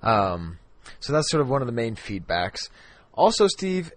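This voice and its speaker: A man's voice: mid-range voice, big pitch swings, measured pace, a bit bright, dry recording. A middle-aged man co-hosting a podcast, talking loosely and chattily, circling back and restarting sentences as he goes. The sound is dry and close, with no room around it. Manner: chatty, rambling with frequent restarts and fillers. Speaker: podcast co-host. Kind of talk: casual chat.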